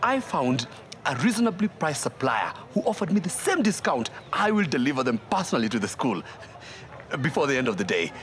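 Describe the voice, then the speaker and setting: A flustered, evasive dodger. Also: male voice, medium pitch, sing-song, a little fast, a bit bright, slight background noise. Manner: evasive and flustered, nervous laughs. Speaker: shady trader. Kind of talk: TV drama acting.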